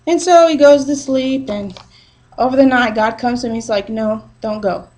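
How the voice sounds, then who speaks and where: A woman's voice: sits high, expressive, normal speed, darkish tone, poor audio. A woman teaching a Bible story to a group in a chatty, casual way, full of fillers and "he's like".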